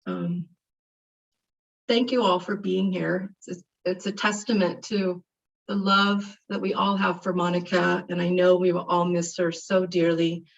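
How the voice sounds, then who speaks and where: The eulogy comes from a middle-aged woman whose lowish voice runs a little slow with vocal fry; she reminisces heartfeltly about a dear friend, livening up as she retells stories. It's a memorial service recorded on a distant, muffled mic.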